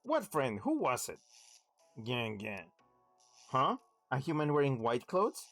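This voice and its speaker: A man's voice: medium pitch, wildly swooping pitch, slow pace, a bit bright, soft background music, exaggerated voice. A streamer reading Detective Pikachu's lines aloud as a pushy little mouse detective grilling a suspect, in his own voice. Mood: interrogating. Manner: reads game text aloud in his own voice. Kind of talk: reading game dialogue aloud.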